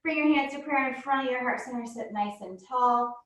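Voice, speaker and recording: A woman's voice: high voice, a little fast, a bit bright. A woman yoga instructor, a little out of breath, calling out poses and encouraging cues through a guided class. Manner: encouraging cues, frequent "good". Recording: echoey room, voice from far off.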